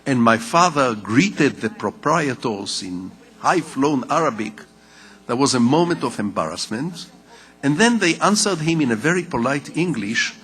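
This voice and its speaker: An older man who grew up speaking Hebrew gives a public lecture in English, telling personal stories in a measured, wry way with deliberate pauses. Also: medium pitch, fairly bright tone. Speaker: lecturing novelist. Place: conference hall. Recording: reverberant lecture hall.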